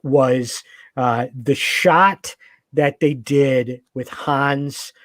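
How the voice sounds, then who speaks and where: A man's voice: mid-range voice, steady tone, very slow, no echo. A man in casual podcast chat, talking with enthusiasm and rambling through many fillers and restarts.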